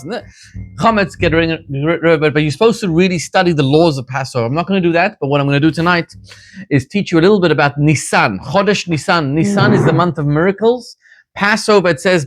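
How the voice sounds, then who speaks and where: Talkative rabbi, higher-pitched man, dry sound. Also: dry recording. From Zimbabwe. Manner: conversational storytelling with frequent restarts and "you know". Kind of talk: informal class talk to a small audience.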